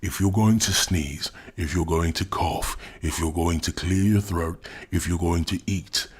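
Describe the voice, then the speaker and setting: English man, low and husky, sarcastic commentary host. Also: steady tone, measured pace. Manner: mocking, exasperated, laughs often. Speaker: commentary YouTuber. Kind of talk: reaction commentary.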